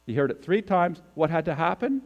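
A man's voice: fairly high pitch, lively intonation, a little fast, highs cut off. A man giving a sermon as a guest preacher, talking in a conversational way and putting questions to the congregation. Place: church sanctuary.

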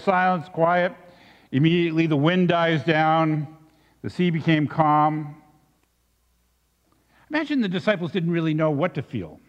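A male pastor preaching a sermon in a reflective way, dropping soft and then rising with emphasis. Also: a little high. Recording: dull recording with long reverb.

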